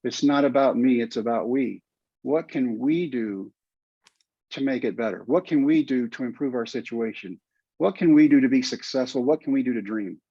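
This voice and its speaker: A man's voice: mid-range voice, moderate pace, warm tone, husky, no room sound. A man, earnest and heartfelt as he recounts his story. The audio is dry and slightly muffled, like a modest podcast setup. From United States. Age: 50s. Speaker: guest, former pitcher and teacher. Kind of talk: storytelling interview.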